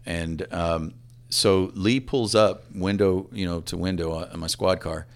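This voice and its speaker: A man in his fifties, a police assistant chief, telling a personal story in a halting, reflective way that often trails off quietly. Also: deep voice.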